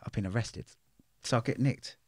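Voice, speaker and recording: A man's voice: medium pitch, normal speed, a little mellow, dry recording. A middle-aged man, telling his life story bluntly in an interview, full of swearing and street slang. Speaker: interview guest.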